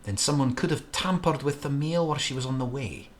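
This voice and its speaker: A man's voice: mid-range voice, fairly quick, slight background noise. A man playing a detective game, reading his character's questions aloud and making joking, irreverent asides. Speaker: game player voicing characters. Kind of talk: let's-play narration with voiced dialogue.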